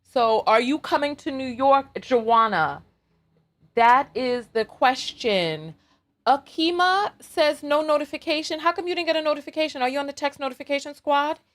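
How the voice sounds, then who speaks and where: Playful high-voiced woman chatting on a live stream. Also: lively intonation, normal speed, a bit bright. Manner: playful, teasing, dramatic. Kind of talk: casual live-stream chat while doing makeup.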